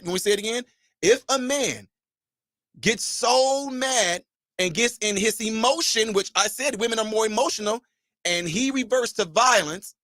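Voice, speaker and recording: Male call-in host, middle-aged, high pitch, animated and emphatic, dry close sound. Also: no room sound. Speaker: host taking callers. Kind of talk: livestream commentary.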